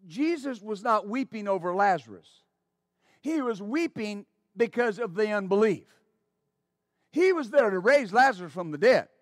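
A man's voice: high-pitched, dry recording, clean studio sound. A man preaching a sermon as pastor, fervent and exclaiming praise, with stammering restarts.

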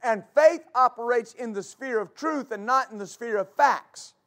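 High-pitched fervent male pastor preaching. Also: normal speed, fairly bright tone. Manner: fervent, repeats phrases, stammers on restarts; call-and-response with congregation. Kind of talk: preaching a sermon.

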